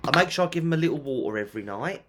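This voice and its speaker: A man's voice: on the high side, lively intonation, racing, fairly bright tone, a little hiss or hum. A man co-hosting a podcast, talking in a dry, joking, easygoing way in casual chat. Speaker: podcast co-host.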